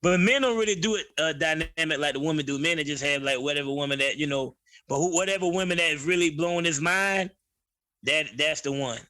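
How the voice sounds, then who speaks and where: A man's voice: fairly high pitch, brisk. A man as a podcast guest in casual chat, talking bluntly with plenty of profanity and acting out little stories. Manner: blunt, profane, animated storytelling.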